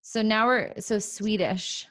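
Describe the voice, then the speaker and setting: A woman hosting a podcast in a casual chat. She talks playfully, laughs often and thinks out loud. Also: medium pitch, steady tone, takes it slowly. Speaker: podcast host.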